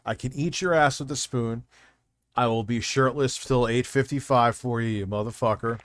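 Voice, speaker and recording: Man, live streamer, casual rambling chat, profane, mid-pitched, dry close mic. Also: steady tone, moderate pace, no echo.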